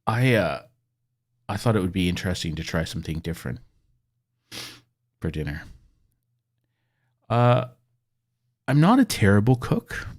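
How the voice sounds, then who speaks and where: A man's voice: low-pitched, sing-song, unhurried, pauses often. A middle-aged man chatting casually and rambling while gaming, swearing freely as he goes. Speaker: gaming video creator.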